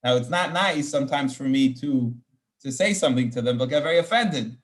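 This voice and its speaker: A man's voice: mid-range voice, animated, a little fast. A man, a rabbi, teaching an informal Torah class, explaining verses with Hebrew terms and frequent restarts.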